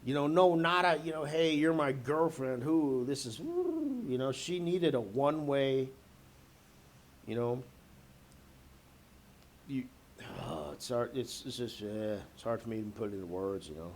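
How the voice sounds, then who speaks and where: A man's voice: medium pitch, expressive, unhurried, pauses often. Rambling, profane man ranting. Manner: rambling, profane, many fillers. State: a little drunk. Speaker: vlogger. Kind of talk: rambling audio rant.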